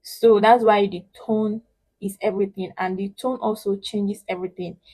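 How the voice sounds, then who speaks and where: This low-quality recording captures an online Chinese lesson taught in English by a woman with a medium-pitched, steady voice and a breathy edge. She explains patiently and emphatically, modeling syllables slowly and loudly.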